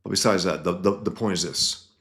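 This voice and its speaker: A man with a very low, deep voice talks in a blunt, heated way and swears often. He gives casual commentary and reads out comments from the internet. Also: brisk, a bit bright.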